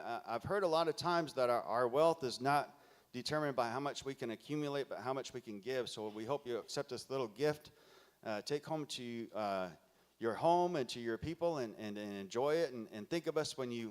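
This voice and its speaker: A man emceeing a conference, calling for applause and reading out raffle numbers slowly to a large hall. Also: mid-range voice, clean tone. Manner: loud, hearty, calls out raffle numbers slowly.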